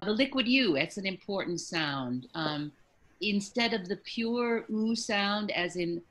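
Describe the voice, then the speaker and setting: A woman dialect coach teaching a workshop, demonstrating sounds slowly and deliberately by example. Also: medium pitch, animated, over music.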